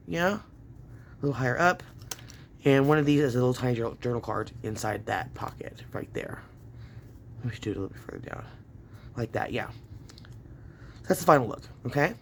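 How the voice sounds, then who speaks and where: A man's voice: medium pitch, a little hiss or hum. A man hosting a casual crafting tutorial at home, chatting to viewers and laughing often as he works. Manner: chatty, laughs often, talks to himself while working. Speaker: craft channel host.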